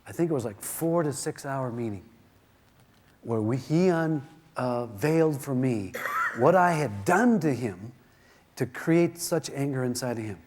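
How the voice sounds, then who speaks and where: Animated man telling a seminar story. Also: mid-range voice, unhurried, a little hiss or hum. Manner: animated, acts out the voices in his stories. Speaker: seminar speaker. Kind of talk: self-help seminar storytelling.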